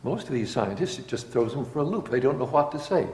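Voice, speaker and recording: A man's voice: a little high, expressive, a little fast, darkish tone. A man speaking in a blunt, impassioned, plainspoken way in a recorded talk. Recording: echoey hall with faint noise.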